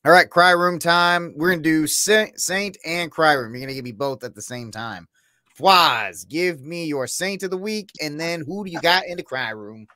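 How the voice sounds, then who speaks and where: A man's voice: on the high side, normal speed, sharp tone, no echo. A man hosting a casual talk show, jokily cueing the next segments. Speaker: host. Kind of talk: casual chat.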